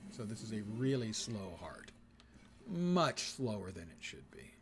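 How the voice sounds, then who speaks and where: A man's voice: lowish voice, big pitch swings, unhurried, a little hiss or hum. A man streaming a game, commenting casually with dry sarcasm and playful wordplay.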